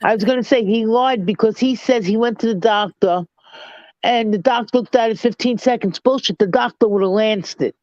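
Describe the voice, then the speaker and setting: A woman's voice: on the high side, normal speed, darkish tone, no echo. A woman joins a casual gossip panel, telling stories bluntly and laughing at them. Her voice comes through a dull, lo-fi connection. The sound is dry, with no room around it.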